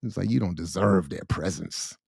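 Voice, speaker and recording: A man hosting a casual livestream chat, animated and slangy, laughing often. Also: sits low, normal speed, gravelly, husky, no room sound, clean studio sound. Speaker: host.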